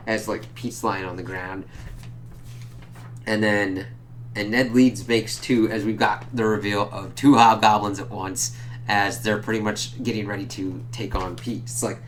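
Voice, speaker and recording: A man casually recapping a comic book issue, loose and profane, jumping up in pitch whenever he quotes a character. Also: steady tone, a little slow, fairly bright tone, a little hiss or hum. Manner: loose and profane, jumps higher when quoting characters.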